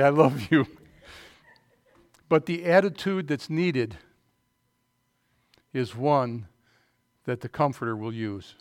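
Middle-aged male pastor, sermon delivery, a touch high-pitched, emphatic with quiet asides, dry recording. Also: dry recording. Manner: emphatic preaching with rising bursts and asides.

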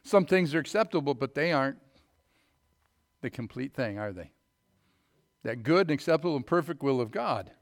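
A middle-aged man preaching a sermon, telling folksy stories before reading scripture in a loud, emphatic voice. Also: medium pitch, sing-song, moderate pace, pauses often. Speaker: pastor.

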